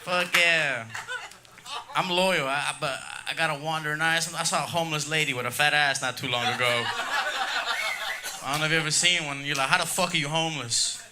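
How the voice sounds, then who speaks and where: A man's voice: a little high, a little fast, background noise. Brash male stand-up comic on a club stage. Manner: brash, crowd-baiting, tags jokes with "dog" and "you know what I mean". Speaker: stand-up comedian. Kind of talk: crude stand-up set.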